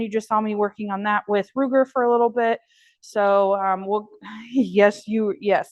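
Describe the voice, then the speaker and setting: Leading an online class, a woman dog trainer walks through the steps, and between instructions she praises her dog in a high, happy voice.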